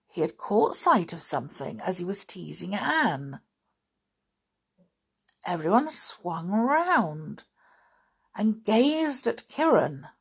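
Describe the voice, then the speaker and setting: A woman reading a children's storybook aloud, steady and measured. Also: mid-range voice, gravelly, slightly rough. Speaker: audiobook reader. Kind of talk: storybook narration.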